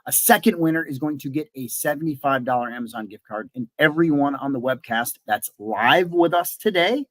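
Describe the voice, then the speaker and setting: A man's voice: mid-range voice, expressive, fairly quick, a bit bright, dry recording. A man from southeastern Wisconsin hosting a live business webinar, talking in a casual, upbeat way with lots of "uh" fillers and restarts. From southeastern Wisconsin, USA. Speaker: webinar host and business coach.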